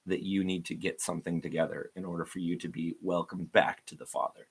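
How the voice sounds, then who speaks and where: A man's voice: sits low, fairly even intonation, normal speed, gravelly, slightly rough. A man giving an informal, earnest devotional talk to viewers, rambling with frequent restarts.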